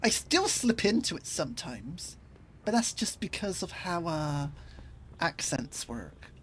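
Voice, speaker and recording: A playful woman with a Bristol accent chats over her game stream, her voice lively and swinging up and down. She jokes about herself freely. A faint hiss of noise sits under her voice. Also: fairly low pitch, measured pace, low-quality recording. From England. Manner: playful and self-mocking. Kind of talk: casual gaming commentary.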